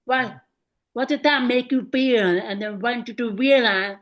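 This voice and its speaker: A woman's voice: fairly high pitch, unhurried. A woman hosting a podcast, asking long, winding questions of her guest. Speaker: podcast host. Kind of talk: interview questions.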